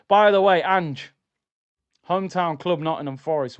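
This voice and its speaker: A man's voice: high-pitched, lively intonation, moderate pace, smooth, no room sound, lo-fi sound. A man hosting a live football watchalong stream, chatty and opinionated, reading out viewer comments and giving his takes. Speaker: livestream host.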